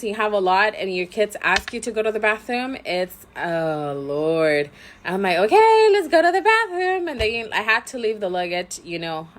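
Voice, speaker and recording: A mother vlogging to camera, telling a story in a chatty, animated way with many fillers and frequent laughter. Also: fairly low pitch, slight background noise.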